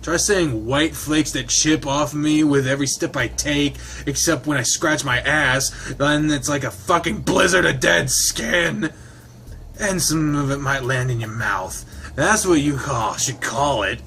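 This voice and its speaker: A man's voice: on the high side, measured pace, sharp tone, slight background noise. A man doing a crude, foul-mouthed lizard guy. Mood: grumbling. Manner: profane, gruff teasing. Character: crude, short-tempered adult male lizard.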